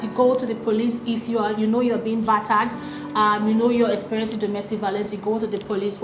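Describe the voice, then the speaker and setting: Nigerian woman in her 30s, earnest advising vlogger, slightly high voice, roomy sound. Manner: earnest, advising, many ums. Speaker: commentary vlogger. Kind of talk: casual commentary.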